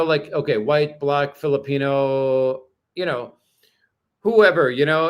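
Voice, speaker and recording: A man from Canada hosting a casual livestream, chatting with viewers in a rambling way full of fillers and restarts. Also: fairly high pitch. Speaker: livestream host reading chat.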